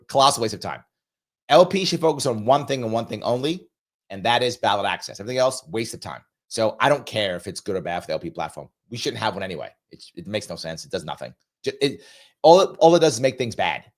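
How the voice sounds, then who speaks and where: Animated, emphatic male political commentator. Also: lowish voice. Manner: emphatic, repetitive, reads viewer super chats. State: recovering from a cold, coughing.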